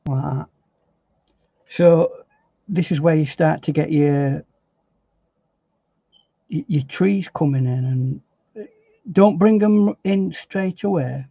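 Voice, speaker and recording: Male painting tutor, a touch high, easygoing and talkative, dry slightly muffled sound. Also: slow pace, gravelly, long pauses, warm tone, slightly rough, no echo. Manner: chatty, thinking aloud with fillers and repeats. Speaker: painting instructor. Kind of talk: relaxed painting demonstration. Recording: dry, slightly dull recording.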